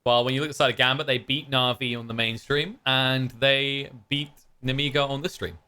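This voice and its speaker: A man's voice: mid-range voice, flat delivery, a little fast, pushed and bright, clear, resonant tone. A man casting an esports match in casual commentary, joking and bantering playfully with his co-caster.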